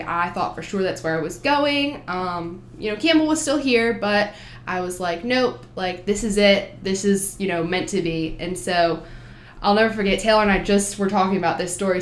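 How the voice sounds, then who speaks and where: A young woman in her twenties with a New Jersey accent chats as a podcast guest, earnest and upbeat as she tells her story. Her voice sits at an ordinary pitch, and the room gives it a noticeable echo with a faint hum behind it. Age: 20s. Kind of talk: casual chat.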